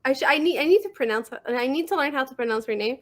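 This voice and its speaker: A woman with a French accent, co-hosting a podcast in casual chat, animated and giggly with quick asides, on a remote call mic. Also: high-pitched. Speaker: podcast co-host.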